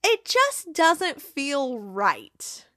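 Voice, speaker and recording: Brief: young woman, recap host, bright and lively, slightly high, dry close sound. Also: very slow, no room sound. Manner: chatty, acts out characters' lines, frequent fillers and laughs. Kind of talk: casual episode recap.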